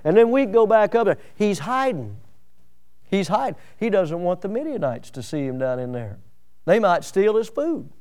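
A man preaches with a high, clear and resonant voice. He is animated and playful, slipping into the voices of biblical figures as he preaches. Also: moderate pace. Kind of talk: sermon.

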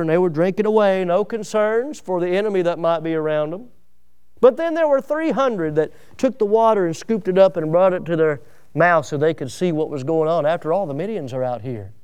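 A man preaching a sermon, animated and humorous, acting out scripture scenes. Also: on the high side, clean tone. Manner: animated, acts out biblical voices with humor.

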